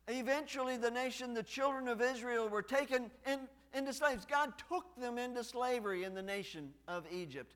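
A man preaching a sermon as pastor. He repeats phrases over and over and builds to loud, emphatic delivery. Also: very high-pitched, lively intonation, normal speed. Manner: builds from a hushed prayer to loud, emphatic preaching with heavy repetition. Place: church sanctuary. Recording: church hall reverb.

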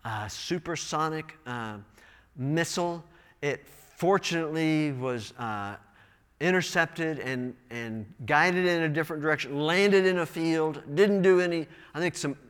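A man preaching a sermon through a microphone, animated and breaking into emphatic bursts. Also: a little high, long reverb tail. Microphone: wearing a microphone.

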